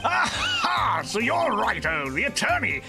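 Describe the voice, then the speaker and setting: A woman's voice: fairly high pitch, wildly swooping pitch, unhurried, gravelly, full character voice. A woman voicing a jolly, boisterous older male police chief in a hearty, folksy, teasing manner, over game music. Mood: hearty jovial. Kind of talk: live fan voice acting over a game.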